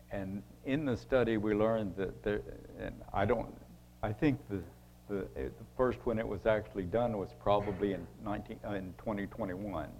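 Male Bible teacher, deliberate slow delivery, lowish voice, halting sermon-style talk. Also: darkish tone, a little hiss or hum. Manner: halting, with restarts, reads scripture aloud slowly.

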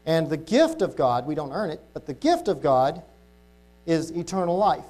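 A man preaching an informal sermon to a congregation, talking casually and reading Bible verses slowly and deliberately. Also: fairly high pitch, very animated, a little mellow. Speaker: lay preacher.

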